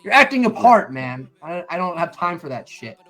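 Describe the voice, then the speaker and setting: A man's voice: high-pitched, moderate pace. A middle-aged man with a slightly raised voice tells stories in casual chat. He acts out other people's lines and curses freely. Faint music plays behind him. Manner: animated storyteller, acts out quotes, swears freely. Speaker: stream co-host.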